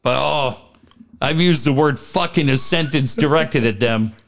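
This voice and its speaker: A man's voice: medium pitch, unhurried, creaky. A middle-aged man co-hosting a podcast, telling profane stories in casual chat and acting out quotes. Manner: animated, profane storytelling with acted-out quotes. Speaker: podcast co-host.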